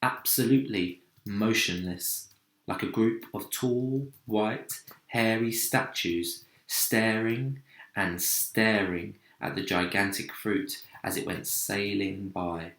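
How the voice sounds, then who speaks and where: A man, a teacher, reading a children's book aloud in a slow, expressive storytelling voice. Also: fairly low pitch, roomy sound.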